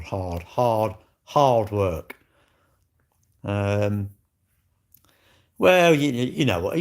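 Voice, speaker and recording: A middle-aged man, chatting bluntly and ramblingly on a livestream as he answers viewers' comments. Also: on the low side. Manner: blunt, rambling, chatty with frequent restarts and laughs. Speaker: livestream host.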